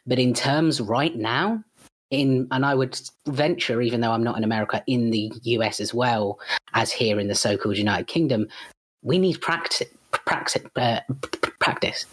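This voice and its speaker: A husky-voiced man holds forth as a podcast guest in loose, unscripted talk. He sounds blunt and worked up, swears without hesitation, and stumbles into false starts before pushing on. His pitch sits in an ordinary middle range. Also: normal speed. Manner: blunt and fired-up, swears freely; frequent false starts and self-corrections.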